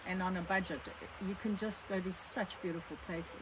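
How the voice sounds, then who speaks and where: A woman's voice: lowish voice, steady tone, brisk. An older woman with a South African accent chats freely beside her co-host, jumping in with additions. Her voice is recorded through a phone camera with a faint background hum. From South Africa, born in Scotland. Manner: chatty, chiming in with additions. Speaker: overlanding vlog co-host. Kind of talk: casual Q&A chat. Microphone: phone propped on a wine box.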